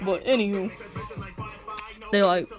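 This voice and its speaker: A woman's voice: mid-range voice, unhurried, over music. A woman casually telling a fan-fiction story in slangy, joking talk, often breaking into laughter.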